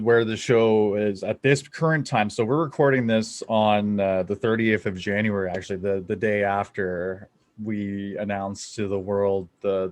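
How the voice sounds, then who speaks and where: A young adult man from Canada hosting a podcast, talking in an excitable, rambling way and swearing freely. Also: fairly low pitch, no room sound. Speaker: podcast host. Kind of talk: casual podcast chat.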